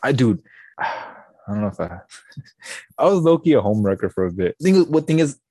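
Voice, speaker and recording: A man's voice: mid-range voice, moderate pace, slightly rough, dry recording. A young man, a guest on a podcast, tells a story casually, swearing freely and acting out the back-and-forth dialogue. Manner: animated, swearing, acts out quoted dialogue.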